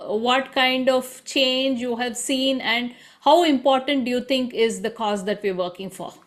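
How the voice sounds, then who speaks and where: A woman hosts an online session over a video call. She prompts the speakers in a friendly, brisk way. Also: fairly high pitch. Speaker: session host.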